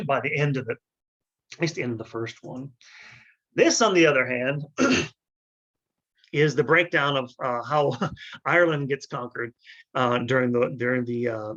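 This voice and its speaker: Male lecturer, mid-pitched, halting delivery with restarts, throat clearing, dull lo-fi sound. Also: fairly bright tone. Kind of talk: unscripted history lecture.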